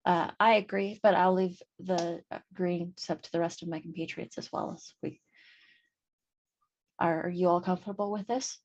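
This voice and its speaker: A woman speaking in character at a tabletop game, slow and halting with many ums. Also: fairly low pitch, fairly even intonation, darkish tone, lo-fi sound. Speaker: player.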